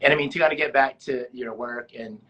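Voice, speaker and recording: A man interviewing a guest, asking casual, halting questions full of fillers. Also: mid-range voice, pushed and bright, slightly rough, rough recording. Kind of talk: conversational interview.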